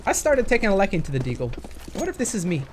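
Racing along in a high voice with huge pitch swings, a young gaming commentator thinks aloud over footage. He hesitates often and uses many fillers, and there's background noise.

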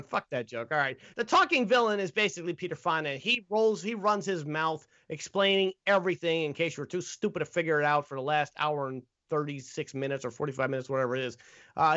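A man's voice: on the high side, bright, forceful tone, dry recording, highs cut off. A man hosting a casual comedic movie review podcast, reading scripted jokes with stumbles and laughs. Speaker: podcast host.

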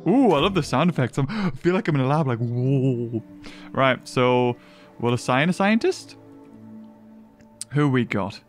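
Excitable gaming host. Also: male voice, fairly high pitch, normal speed, pauses often, soft background music. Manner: excitable, chatty, thinks aloud. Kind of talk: casual gameplay commentary.

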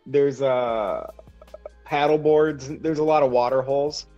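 A man's voice: medium pitch, steady tone, unhurried, mellow. A Minnesotan man co-hosting a podcast, chatting casually in an easygoing way and laughing often. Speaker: podcast co-host. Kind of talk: casual chat. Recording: slightly dull, music behind.

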